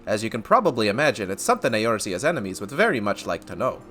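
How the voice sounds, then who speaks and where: A gruff older tavern keeper woman with a put-on Scottish brogue, brusque and folksy. A man voices her with a lively, swooping pitch. Faint game music runs behind her. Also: quick pace.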